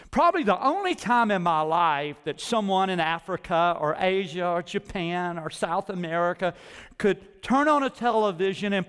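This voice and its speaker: A male pastor preaching a sermon in a church, moving between quiet asides and loud, rising declarations. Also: sits high, smooth, big-room sound. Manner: dynamic preaching, swinging from soft asides to loud climbs. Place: church sanctuary.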